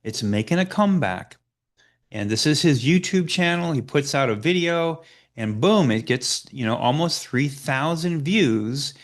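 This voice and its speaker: A man giving a slide presentation as a business coach, pausing often with "uh" and restarting phrases. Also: fairly high pitch, animated. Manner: hesitant, frequent "uh" fillers and restarts.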